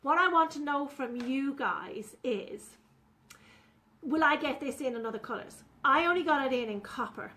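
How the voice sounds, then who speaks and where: A woman's voice: high-pitched, lively intonation, normal speed, sharp tone. Chatty woman demonstrating furniture painting. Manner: chatty, talks viewers through each step.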